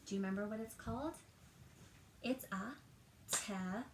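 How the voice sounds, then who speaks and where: Animated woman reading a story to kids. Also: mid-range voice, echoey room, background noise. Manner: animated, drawn-out words, talks to children. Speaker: teacher reading to children. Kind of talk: storytime read-aloud. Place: at home, roomy indoor space.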